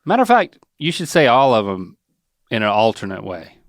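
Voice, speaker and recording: A man's voice: fairly low pitch, big pitch swings, normal speed, dry recording, studio quality. A man hosting a casual chat in a playful, teasing, coaching manner. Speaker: podcast host, the son.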